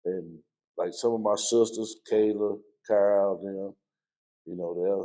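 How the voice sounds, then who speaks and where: A man, the youngest brother, reminiscing casually in a relaxed, colloquial way. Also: lowish voice, measured pace.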